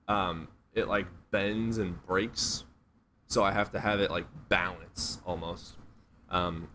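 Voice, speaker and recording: A man's voice: low voice, bright, forceful tone, a little hiss or hum. A man doing casual, blunt livestream commentary on a desk USB microphone, sarcastic and profane. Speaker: streamer.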